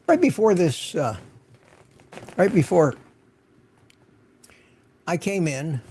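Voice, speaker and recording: Gravelly older man hosting a livestream. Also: fairly high pitch, sing-song, slow, darkish tone. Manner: rambling, chatty, greets viewers by name. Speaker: livestream host. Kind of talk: casual livestream chat. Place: home studio.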